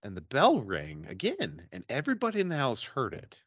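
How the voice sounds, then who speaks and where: A man hosting a casual podcast, telling a story in a loose, profane, animated way while hanging out and drinking. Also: medium pitch, a little fast, no echo, muffled recording. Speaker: podcast host.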